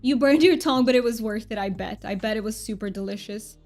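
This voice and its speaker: A woman's voice: fairly high pitch, quick pace, darkish tone. A woman game streamer chatting casually with her viewers and thanking them often. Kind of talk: casual live-stream chat. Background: faint background music.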